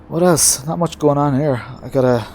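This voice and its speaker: A man chatting casually on a live stream from his home racing setup, relaxed and talkative, answering chat with many hesitations. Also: on the high side, moderate pace, a little hiss or hum. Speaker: streamer racing in a sim-racing league.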